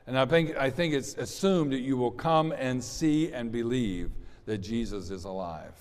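A man's voice: medium pitch, normal speed, clean tone. A man preaching an Easter sermon as pastor, conversational and rambling, with restarts and asides to the congregation. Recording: long hall reverb.

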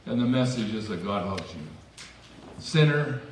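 A man's voice: on the low side, fast talker, darkish tone, distant mic, a little hiss or hum. A man preaching a sermon as pastor in a church, conversational with self-deprecating asides. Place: church sanctuary. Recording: echoey church hall from afar.

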